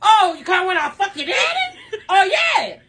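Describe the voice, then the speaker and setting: A woman with a very high, piercing voice that swings wildly up and down. She laughs, swears and protests loudly as a pranked mother. Her tone is bright and sharp. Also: very animated, moderate pace, low-quality recording. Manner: loud, laughing, swearing, indignant. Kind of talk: casual outburst on camera.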